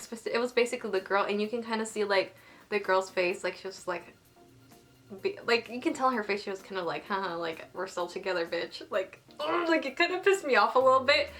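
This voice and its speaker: Gushing young woman reviewing an anime. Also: on the high side. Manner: gushing, excitable, heavy use of "like". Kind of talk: casual excited episode review.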